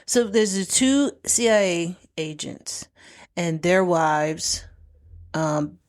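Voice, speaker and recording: A woman's voice: lowish voice, lively intonation, takes it slowly. A woman co-hosting a podcast, chatting casually as she recaps a TV show and acts out the characters' lines. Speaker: podcast co-host.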